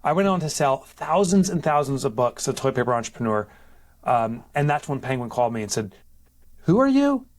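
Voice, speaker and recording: A man's voice: medium pitch, fairly quick. A man, a podcast guest telling a story with lots of life and acting out the people in it. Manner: lively, acts out other people in quoted voices. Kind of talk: animated storytelling in conversation. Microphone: podcast microphone.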